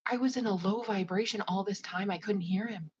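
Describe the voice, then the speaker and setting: A woman, a psychic medium, talking casually on a livestream in a soft, often half-whispered voice, rambling with lots of fillers. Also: medium pitch, fairly quick, muffled recording. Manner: loose, rambling with many "like" fillers. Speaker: psychic medium and spiritual advisor.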